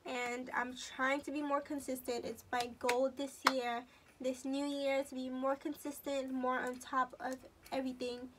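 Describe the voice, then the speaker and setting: A woman's voice: high voice, level tone, measured pace, very noisy. A teenage girl talking through a makeup tutorial in a chatty, casual way, narrating each step as she goes. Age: teens. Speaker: beauty vlogger.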